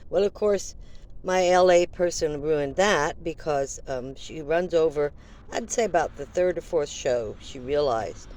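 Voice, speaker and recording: A woman's voice: deep voice, measured pace, darkish tone, a little hiss or hum. An older woman vlogger telling a rambling, chatty story full of fillers. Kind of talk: casual storytelling.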